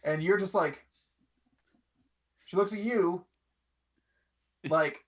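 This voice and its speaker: Man game master, halting narration, slightly high voice. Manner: halting, full of restarts and fillers.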